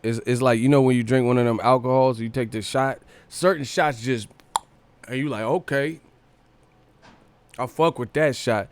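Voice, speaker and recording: A man's voice: mid-range voice, steady tone, normal speed, pauses often, background noise. A young man with a Sacramento accent hosting a live boxing stream, chatting loosely and joking with his chat in slang. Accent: Northern California, Sacramento. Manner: loose and joking, reads chat aloud, laughs often, slangy.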